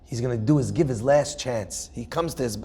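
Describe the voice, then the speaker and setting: A man's voice: mid-range voice, a little fast, warm tone, husky. A man, a rabbi, telling a Torah story vividly, acting out the dialogue of its people.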